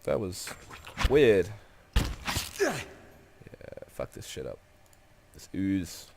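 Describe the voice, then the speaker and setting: A man's voice: deep voice, huge pitch swings, drawn-out words, creaky, background noise. A young man with a stuffy, nasal voice from a cold, casually commenting on a game as he plays, rambling and swearing now and then. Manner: rambling, jokey, swears freely. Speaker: let's play host.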